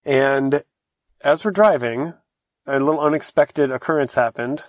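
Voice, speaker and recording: A young man chats from inside a parked camper van, his voice close and dry. He talks in a relaxed, steady way and fills in details of a shared story. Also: mid-range voice, a little slow, no room sound. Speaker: travel vlogger. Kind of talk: casual storytelling chat.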